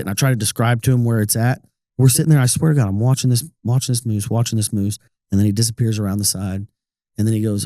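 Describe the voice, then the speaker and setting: A man's voice: medium pitch, steady tone, fast, dark tone, no echo. Rambling man telling stories, dry mic. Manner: rambling storyteller, frequent restarts. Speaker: podcast co-host. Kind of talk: casual chat.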